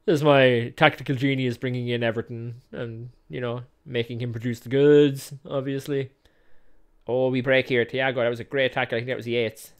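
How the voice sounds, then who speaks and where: A man hosts a gaming video, giving casual let's-play commentary as he calls the match action play by play. He's chatty and self-mocking and laughs often, though his mid-range voice is flat, moderately paced, and smooth.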